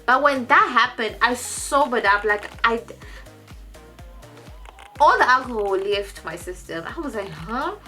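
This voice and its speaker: A young woman tells a storytime vlog in a bright, forceful voice pitched a little high, with faint music underneath. She stumbles and repeats words, then jumps up into squeaky quoted voices. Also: expressive, unhurried, long pauses. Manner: restarts and repeats words often. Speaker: vlogger. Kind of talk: casual storytime.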